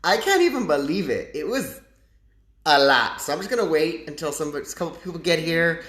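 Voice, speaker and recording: A man hosting a casual live stream with political commentary, talking in a chatty, animated way full of rambling asides into his phone's front camera. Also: on the high side, brisk, echoey room. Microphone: phone front-facing camera.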